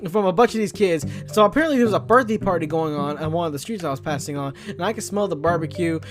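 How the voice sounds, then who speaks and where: A man's voice: a little high, expressive, fast. Rambling young male podcaster over music. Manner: rambling, many restarts and fillers. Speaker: podcast host. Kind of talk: comedic storytelling.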